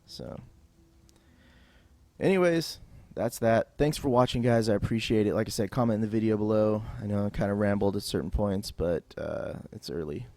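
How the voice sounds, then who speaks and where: A man's voice: fairly low pitch, moderate pace, dark tone, no echo. A man talking through a game tutorial off the cuff, casual and rambling with lots of fillers. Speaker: gameplay tutorial host. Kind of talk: unscripted game tutorial voice-over.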